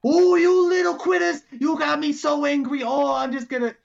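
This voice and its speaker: A man's voice: fairly high pitch, fairly quick, muffled recording, voice pushed up, lightly acted. A man voicing a scheming, hammy alligator boss with glasses. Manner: sly, hammy villain bluster.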